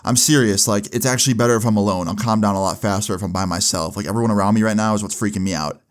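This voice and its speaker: A man's voice: on the low side, very fast, close to an everyday voice. Overwhelmed young guy, shaky and insistent, as a man retells him. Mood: anxious. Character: anxious young man on a bad trip.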